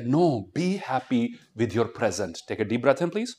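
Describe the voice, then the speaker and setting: A man giving a motivational talk to students, animated and constantly quizzing the crowd. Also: mid-range voice, normal speed. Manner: animated, keeps quizzing the audience and leading call-and-response. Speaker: motivational speaker.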